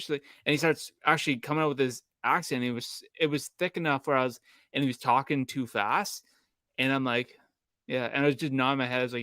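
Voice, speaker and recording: A man from Canada with a smooth, resonant voice, telling a loose, rambling anecdote in casual podcast chat. He keeps a polite, easygoing tone, and the recording is dry and close. His pitch sits in the middle. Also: fairly even intonation, quick pace, fairly bright tone, dry recording. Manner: rambling storyteller, self-described polite. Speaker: podcast co-host.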